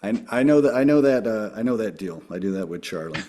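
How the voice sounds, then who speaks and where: A man's voice: lowish voice, animated, quick pace, dark tone. A man hosting a casual podcast interview, working through numbered questions with short, easygoing replies. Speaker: podcast host.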